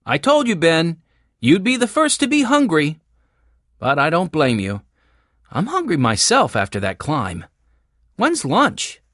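A woman's voice: low voice, a little slow, long pauses, no echo, studio quality, heavily acted. Henry, a woman doing a sensible older brother. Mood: reasoning. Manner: calm, reasoning tone.

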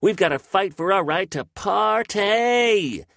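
A man's voice: high voice, expressive, slow pace, vocal fry, fairly bright tone, no echo, studio quality, pitched above the performer's own voice, heavily acted. A man voicing a rowdy young male hoodlum potato with a whiny, slangy way of talking. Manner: whiny, surfer-style slang.

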